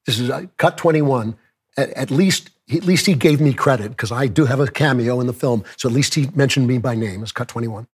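A man hosting his commentary show with a hoarse, worn voice from a cold, talking conversationally with chuckles and joking asides. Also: medium pitch, a little fast. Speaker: podcast host. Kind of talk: opinion commentary monologue.

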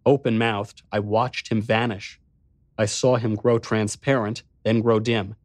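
A man reading a first-person suspense story aloud, tense and measured. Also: fairly low pitch, level tone, dry recording, studio quality. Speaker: narrator. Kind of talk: first-person audiobook narration.

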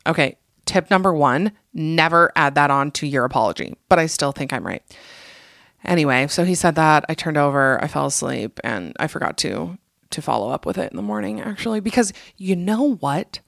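A woman hosting a casual solo podcast, telling sarcastic, animated stories into a close mic. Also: low-pitched, a little fast, vocal fry, dry recording. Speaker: podcast host.

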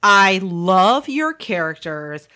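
A woman hosting a podcast, excitable and crude, firing off questions quickly. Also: medium pitch, crowd noise. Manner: excitable, crude, fast-talking. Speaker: podcast host. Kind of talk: casual chat.

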